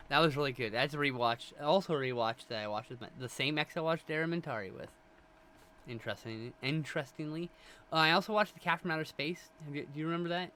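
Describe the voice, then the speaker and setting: A man co-hosting a casual movie chat show, talking in an animated, opinionated way and sometimes ranting. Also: mid-range voice, a little hiss or hum. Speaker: podcast co-host.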